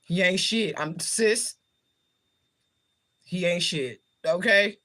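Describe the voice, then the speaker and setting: A woman's voice: fairly low pitch, slow pace, long pauses, a bit bright. Profane, blunt woman livestreaming. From United States. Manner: blunt, heavily profane, jokey with frequent laughter. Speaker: livestream host, spiritual reader. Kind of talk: casual livestream chat answering comments.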